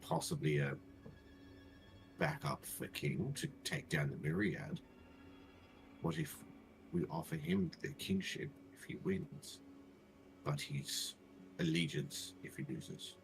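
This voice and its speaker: A man playing in a tabletop role-playing game, proposing ideas in a halting way with restarts. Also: a bass voice, wildly swooping pitch, gravelly, over music. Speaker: player. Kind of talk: casual chat at a tabletop game. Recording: noisy recording.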